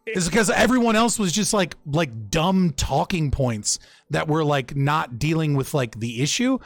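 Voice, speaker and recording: A man's voice: on the high side, moderate pace, no room sound. Blunt, profane male podcast host. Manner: blunt, heavily profane, rambling. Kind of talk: casual chat.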